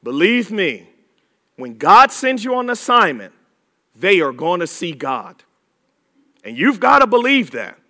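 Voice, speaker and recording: A man preaching a sermon with emphatic repetition, drawing words out and rising to shouts. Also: sits high, big pitch swings, measured pace, pauses often.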